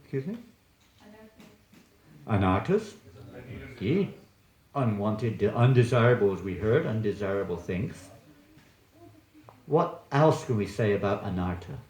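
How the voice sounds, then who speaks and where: Lively joking preacher in an echoey hall. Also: male voice, lowish voice, a little slow, pauses often. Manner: chatty, joking, quizzes the audience. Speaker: visiting swami giving a scripture class. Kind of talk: sermon with audience questions. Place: temple hall.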